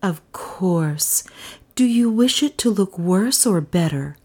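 A woman reading a storybook who voices a polished young receptionist with a soft, insinuatingly confidential manner. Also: mid-range voice, expressive, takes it slowly, husky, heavily acted. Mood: smooth.

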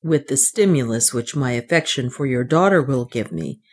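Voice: mid-range voice, animated, normal speed, slightly rough. A reader voicing an earnest, proud young man. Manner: earnest, restrained. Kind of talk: audiobook reading.

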